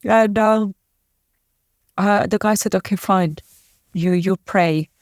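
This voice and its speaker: A woman's voice: mid-range voice, steady tone, darkish tone, no echo. Tearful woman with a dry close sound. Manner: halting, emotional retelling with many restarts. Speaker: podcast guest. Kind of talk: emotional interview storytelling.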